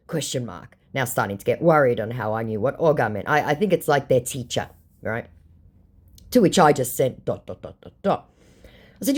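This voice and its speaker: Mocking woman, lively low voice. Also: normal speed. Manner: mocking, dry, withering put-downs. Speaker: scam baiter reading her chats. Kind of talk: sarcastic retelling of text chats.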